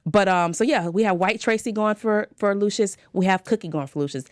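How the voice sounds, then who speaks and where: A young woman hosting a casual TV recap show, animated and dramatic, laughing often and talking straight to her viewers. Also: medium pitch, brisk, few pauses, no echo, clean studio sound.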